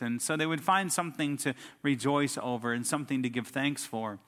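A man's voice: mid-range voice, fairly quick, few pauses, fairly bright tone, long reverb tail. A middle-aged man preaching a sermon as a pastor, telling stories and building emphatic lists. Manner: storytelling preacher, emphatic lists and rising outbursts.

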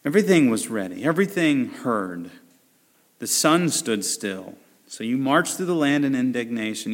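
Animated preaching man in echoing hall. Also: medium pitch, normal speed. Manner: animated preaching, acts out voices and asides. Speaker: pastor. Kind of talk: sermon.

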